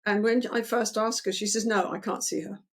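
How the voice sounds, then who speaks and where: Older woman, therapist, interview talk, acts out dialogue, animated, medium pitch. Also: a little fast.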